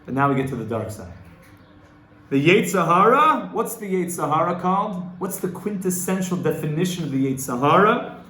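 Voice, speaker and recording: Earnest rabbi teaching in an echoey room. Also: male voice, big pitch swings, moderate pace. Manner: earnest, rhythmic, swells louder and higher when stressing a point. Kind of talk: Torah class lecture. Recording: echoey room, faint room ambience.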